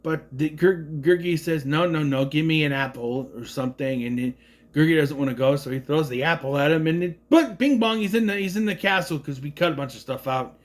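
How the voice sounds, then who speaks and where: A man in his thirties giving a rambling, sarcastic review of an animated film in a casual monologue. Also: a little high, a little fast. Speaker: movie reviewer.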